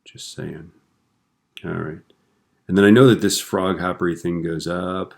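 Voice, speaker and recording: A man teaching a screen-recorded software lesson in a relaxed way, tossing in corny jokes and tag questions, recorded at a computer. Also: low voice, a little slow, vocal fry.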